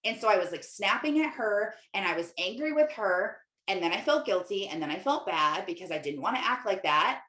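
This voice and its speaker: A young woman talks through her week in a loose, candid monologue, dropping "like" again and again as she coaches her listeners. Her voice sits at an ordinary middle pitch. The room around her rings with a noticeable echo. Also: lively intonation, fairly quick, hardly any pauses, bright, forceful tone. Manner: candid, chatty, full of "like" fillers. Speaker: Christian life coach and podcast host. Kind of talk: casual podcast monologue. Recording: echoey room.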